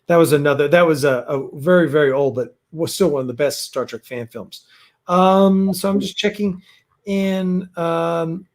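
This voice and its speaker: A man's voice: on the high side, moderate pace. Rambling man hosting a chat. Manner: rambling, many fillers and restarts. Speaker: host. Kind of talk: casual livestream chat. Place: home, fireworks outside.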